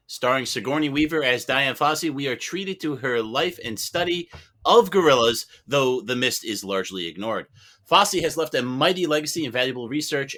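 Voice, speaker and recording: A man on a podcast panel, recommending a film with dry, deadpan humor. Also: mid-range voice. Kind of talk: casual podcast chat.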